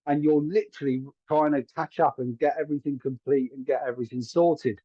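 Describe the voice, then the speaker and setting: A man's voice: on the high side, steady tone, a little fast, no echo, muffled recording. A man giving live psychic readings to viewers from a room at home, chatty and hedging, often checking whether his words make sense. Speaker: psychic medium.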